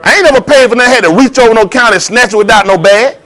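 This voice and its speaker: A man delivering a heated, preachy monologue in slangy street talk, swinging between loud jabs and low asides. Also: very fast. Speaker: vlogger. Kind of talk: ranting commentary monologue.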